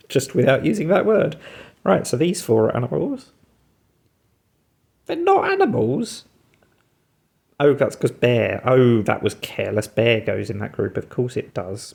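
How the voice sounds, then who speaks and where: A man's voice: medium pitch, gravelly, a little mellow, breathy edge. A man hosting a puzzle video, musing and talking himself through his guesses while solving a word game.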